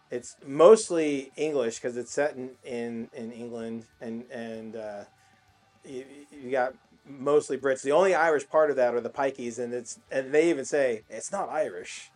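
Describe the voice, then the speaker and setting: A man's voice: medium pitch, a little slow, darkish tone, faint music behind. Easygoing man co-host. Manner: easygoing, agreeable, stammers on restarts. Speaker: podcast co-host. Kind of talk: casual chat.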